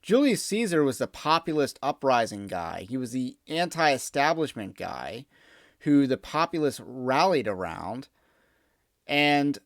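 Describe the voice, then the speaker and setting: A man's voice: medium pitch, no echo, studio quality. A man hosting a podcast, giving opinionated political commentary in an emphatic, digressive monologue. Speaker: podcast host.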